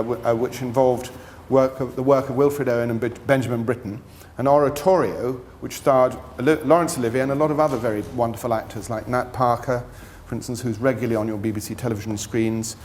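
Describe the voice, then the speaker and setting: An older man lecturing in a hall, his voice at an ordinary middle pitch. He tells anecdotes at length, stumbling through fillers and restarts. A faint hiss of noise sits behind him. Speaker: guest lecturer, film producer. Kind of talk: university lecture.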